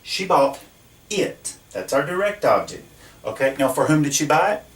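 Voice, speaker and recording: This Spanish teacher's voice runs a little high and sing-song, delivered at a moderate pace. Working at the whiteboard, he patiently explains a grammar point and asks his students questions, heard from afar through a camera in an echoey classroom.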